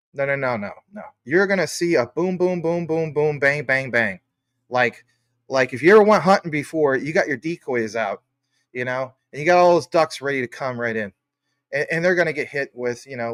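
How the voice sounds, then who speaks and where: A man's voice: mid-range voice, a bit bright, dry recording. Male streamer, rambling chatty delivery, mid-range voice, dry close-mic sound. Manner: rambling, enthusiastic, welcomes chatters by name. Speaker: crypto livestream host. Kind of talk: casual livestream chat reading viewer comments.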